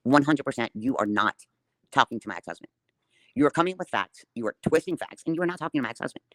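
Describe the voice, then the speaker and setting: A woman's voice: extremely low pitch, lively intonation, quick pace, no room sound. A woman livestreaming a defiant, profane rant straight at her viewers.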